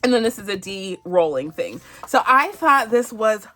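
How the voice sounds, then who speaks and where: A woman from Barbados talks through a savings challenge in a relaxed, chatty vlog. She giggles often and keeps a friendly, easygoing flow. Her voice sits at a middle pitch for a woman. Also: normal speed, faint music behind. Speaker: budgeting channel host.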